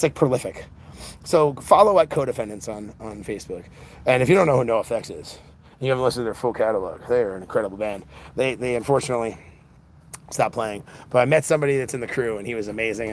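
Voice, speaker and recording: A man's voice: medium pitch, vocal fry, slight background noise. An exhausted man hosting a casual livestream, rambling with lots of restarts, recorded on a phone. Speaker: livestream host.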